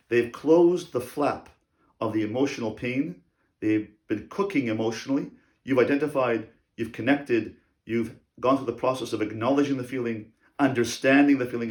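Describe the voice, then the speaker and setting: A man teaching as a rabbi in a religious lecture on parenting, speaking deliberately and repeating key phrases for emphasis. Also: mid-range voice, a little mellow, echoey room.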